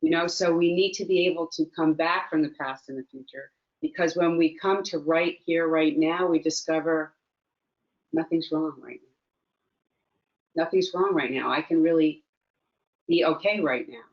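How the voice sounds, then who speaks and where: A woman's voice: low voice, steady tone, normal speed, highs cut off. A woman mindfulness teacher, a guest in a conversational interview, speaking earnestly and reflectively and repeating phrases for emphasis.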